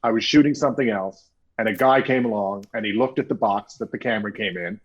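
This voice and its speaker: A middle-aged man from Canada, a guest author being interviewed, telling stories with animated quoted voices. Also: on the low side, fast, slightly rough, lo-fi sound. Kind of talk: storytelling interview talk.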